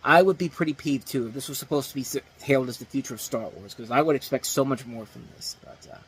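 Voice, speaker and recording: A man with a husky, slightly breathy voice reviews movies off the cuff. He rambles, restarts his sentences and leans hard on the words he wants to stress. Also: medium pitch, quick pace, poor audio. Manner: rambling, many fillers and restarts, animated emphasis. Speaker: movie review show host. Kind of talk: casual spoken movie review.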